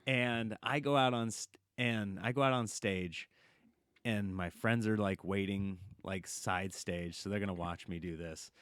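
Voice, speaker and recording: A man, a comedian guest on a podcast, telling a long story in a lively, casual way and acting out the quotes. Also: on the low side, a little slow, clean tone, dry recording, studio quality. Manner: animated storyteller, acts out quotes, laughs often.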